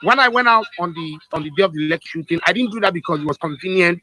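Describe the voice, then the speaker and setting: Brief: young Nigerian male host, Nigerian accent, emotional and insistent, high and bright. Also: fast talker, poor audio. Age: young adult. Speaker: host of an audio chat room. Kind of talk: heated live debate.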